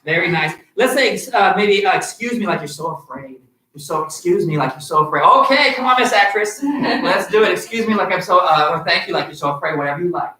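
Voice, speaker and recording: A man's voice: high voice, lively intonation, a little fast, few pauses, pushed and bright. A man teaching children good manners as a martial arts instructor, upbeat and encouraging, leading call-and-response. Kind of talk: teaching a kids' manners class online. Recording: echoey hall, far from the mic.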